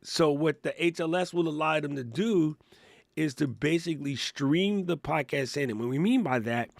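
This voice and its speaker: A middle-aged man's creaky, mid-range voice carries this casual tech and creator podcast, where he co-hosts, laughs, and explains things step by step. There's no echo.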